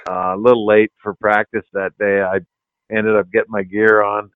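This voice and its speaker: A man's voice: fairly low pitch, little pitch movement, moderate pace, clear, resonant tone, no echo, phone-quality sound. An older man, a retired hockey player, casually telling a story as a podcast guest, laughing and swearing now and then.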